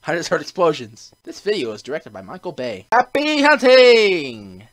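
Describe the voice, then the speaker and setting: Brief: excitable male gaming host, high and very animated, game music behind. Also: quick pace, husky. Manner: excitable, yelps and shouts when in danger. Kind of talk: gameplay commentary.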